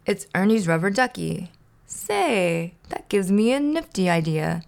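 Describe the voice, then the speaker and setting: A woman's voice: medium pitch, sing-song, unhurried, creaky, darkish tone. A woman doing a fussy, earnest Bert. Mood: fretful. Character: fussy, proper male puppet roommate.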